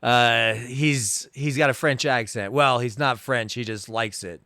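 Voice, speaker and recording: A man's voice: mid-range voice, steady tone, unhurried, gravelly, bright, forceful tone, dry recording. Profane joking man on a dry podcast mic. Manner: profane, joking, does silly voices. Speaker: podcast co-host. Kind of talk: casual movie-riffing chat.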